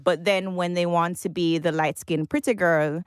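A woman co-hosting a casual panel discussion, talking in long, animated runs and laughing often. Her voice sits a little low for a woman. The sound is dry and close, with no room echo. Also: moderate pace, clean tone. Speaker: podcast co-host.

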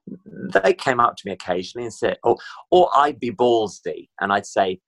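A man's voice: sits low, a little fast. A middle-aged man from Britain, telling stories as an interview guest. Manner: chatty, animated storyteller. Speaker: guest performer. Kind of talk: casual interview chat.

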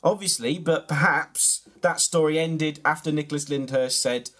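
A man, reading his own absurd comic story in a deadpan, mock-grand way, then bantering. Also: fairly high pitch, moderate pace, few pauses. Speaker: comedian reading his own tall tale.

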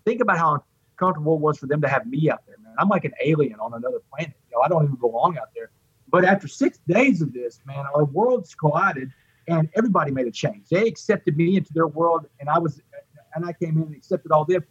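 Originally from Port Arthur, Texas, this man tells a personal story as an interview guest, animatedly voicing the people he quotes. His voice is fairly high, quick and a bit breathy, captured in dull, dry, lo-fi audio.

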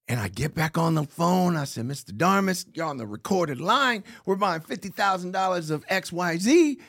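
A man's voice: high-pitched, moderate pace, few pauses. A middle-aged man telling his own story in a casual chat, acting out what people said. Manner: animated storyteller acting out quotes.

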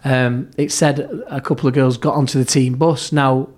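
A middle-aged man, a former football club therapist, tells stories as a podcast guest. He acts out quoted lines, often restarts his sentences and turns low and hushed at tense moments. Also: little pitch movement, moderate pace. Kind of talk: anecdotal storytelling in an interview.

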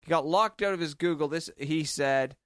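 Deadpan man, smooth clear voice. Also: a little high, moderate pace, no room sound. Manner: deadpan storytelling, sarcastic. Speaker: podcast co-host. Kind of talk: casual comedic chat.

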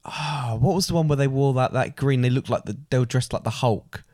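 Joking young son, dry sound. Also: male voice, mid-range voice, a little mellow, no echo. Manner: joking, teasing, quick interjections. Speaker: podcast co-host, son. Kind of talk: casual chat.

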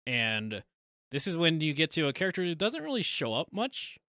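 A man's voice: fairly high pitch, wildly swooping pitch, moderate pace, bright, forceful tone, no room sound, clean studio sound. A man co-hosting a podcast, chatting casually and recapping a film plot, often trailing off and restarting. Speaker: podcast co-host. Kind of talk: casual chat.

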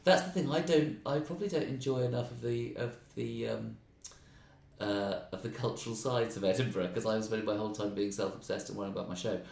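Guy comedian rambling quick, gravelly, roomy echo. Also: lowish voice, a little mellow. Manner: fast, rambling, self-deprecating. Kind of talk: casual chat.

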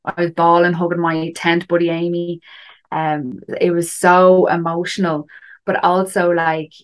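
A woman's voice: on the low side, little pitch movement, measured pace. A woman telling a story in a casual chat, full of fillers and asides. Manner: chatty, frequent fillers and "do you know". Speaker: guest recounting a climb.

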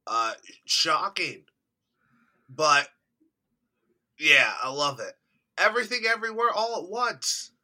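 Man, young adult, podcast co-host, casual chat, upbeat, chatty, very bright tone. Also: fairly high pitch, takes it slowly, pauses often. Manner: upbeat, chatty, laughs easily.

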